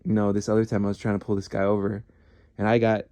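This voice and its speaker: Gravelly ex-cop guy rambling thru stories, swears a lot, keeps restarting, dry close mic. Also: fairly low pitch, monotone, quick pace, dark tone, no room sound. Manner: rambling, swearing, self-deprecating with frequent restarts. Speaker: former police officer. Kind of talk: casual storytelling.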